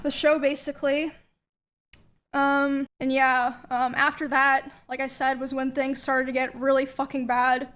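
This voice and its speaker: A woman's voice: high-pitched, little pitch movement, fairly bright tone. Candid young woman telling her story. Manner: candid and halting, with frequent fillers. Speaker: streamer. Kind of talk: personal storytelling.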